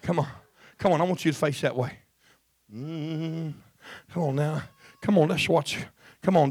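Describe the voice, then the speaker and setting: A man's voice: a little high, normal speed, a little mellow, husky, no echo. A man preaching a Pentecostal sermon, fervent and emphatic, repeating his phrases.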